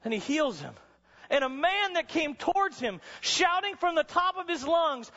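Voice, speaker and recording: A man preaching a sermon to college students, telling stories dramatically and sometimes rising to a shout. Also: extremely high pitch, very animated, a little slow. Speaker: chapel speaker. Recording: dull sound with long hall reverb.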